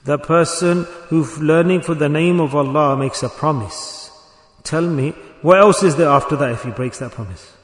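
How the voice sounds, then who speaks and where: A man's voice: fairly high pitch, moderate pace. Earnest preaching man in echoey hall. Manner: earnest, repetitive preaching with bursts of emphasis. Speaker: Sufi teacher. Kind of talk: sermon.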